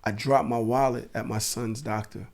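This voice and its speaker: A man co-hosting a podcast, talking in casual banter with a hoarse, worn voice and animated storytelling. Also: on the low side, moderate pace. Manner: animated storytelling, bursts into laughter and shouting. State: hoarse, losing his voice. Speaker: podcast co-host.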